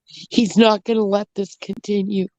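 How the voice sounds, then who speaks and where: A woman from Canada who joined the stream, talking in a calm, reassuring way to a friend. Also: medium pitch, moderate pace, dry recording, lo-fi sound. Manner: reassuring, comforting.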